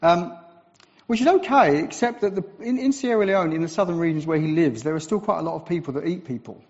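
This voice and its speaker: A man from England, a visiting preacher, giving a sermon with animated storytelling and self-deprecating asides. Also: on the high side, fast talker. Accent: English. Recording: dull recording with long church reverb.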